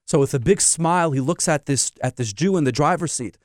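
A man's voice: a little high, fairly quick, no echo, studio quality. A man, a rabbi, giving a sermon full of stories and emphatic rhetorical questions. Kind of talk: sermon with storytelling.

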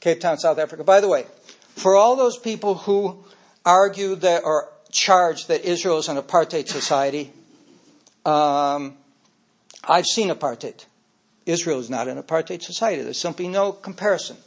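A man's voice: fairly high pitch, moderate pace. An older man giving a speech, telling personal stories in an anecdotal way and getting emotional as he speaks.

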